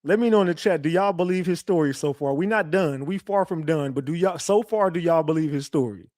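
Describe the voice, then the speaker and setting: A man with a high voice hosts a live stream and reacts to a clip with open disbelief. He swears freely and keeps asking the chat what it thinks. His voice sounds dry and close. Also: brisk, a little mellow, no room sound.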